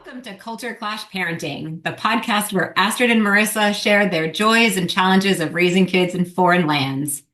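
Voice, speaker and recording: A woman's voice: medium pitch, moderate pace, few pauses, fairly bright tone, soft background music. Woman reading a podcast intro in an echoey room. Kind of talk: scripted intro narration.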